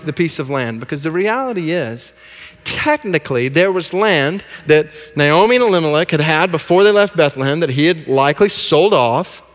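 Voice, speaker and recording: A man preaching a sermon, telling the story in a lively way and acting out the people in it. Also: high-pitched. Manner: animated storytelling, acts out characters. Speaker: pastor. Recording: long hall reverb.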